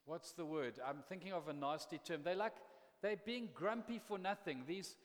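A pastor delivers a sermon in a conversational yet impassioned style, frequently repeating words as he gains momentum. His voice is high and his pace normal, and the recording carries the long reverb of a large hall.

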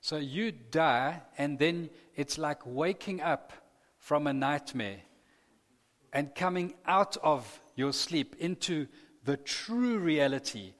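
A man preaching a sermon, earnest and building to impassioned emphasis. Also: a little high. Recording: long reverb of a large hall.

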